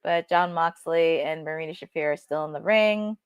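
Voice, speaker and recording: A woman's voice: low voice, moderate pace, clear, resonant tone. A woman co-hosting a wrestling watch-along, giving casual live commentary in a chatty, wry, sarcastic way.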